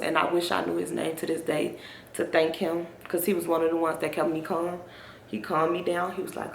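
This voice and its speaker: A woman's voice: lowish voice, lively intonation, brisk, creaky, fairly bright tone, slight background noise. A young woman telling a personal story on her vlog, rambling and talking straight to her viewers. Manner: rambling, addresses viewers directly. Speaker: vlogger. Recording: roomy echo.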